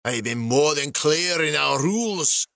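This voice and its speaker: A man voicing a cruel, whip-wielding male dwarf slave master in a storybook, delivering harsh threats slowly. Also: on the high side, animated, vocal fry, pushed and bright, no echo, clean studio sound, pitched above the performer's own voice, full character voice. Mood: threatening.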